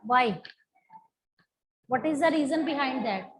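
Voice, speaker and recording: High-voiced Indian English teacher. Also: female voice, moderate pace, long pauses, a little hiss or hum, rough recording. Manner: repeats questions, coaxing students to answer. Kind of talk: online class lesson.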